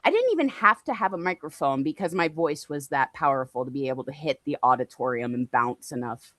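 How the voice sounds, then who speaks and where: A woman's voice: low-pitched, brisk, no room sound. A woman guest on a livestream, telling a personal story in a sarcastic, passionate and self-mocking way. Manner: animated and self-mocking, laughs often. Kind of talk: casual storytelling chat.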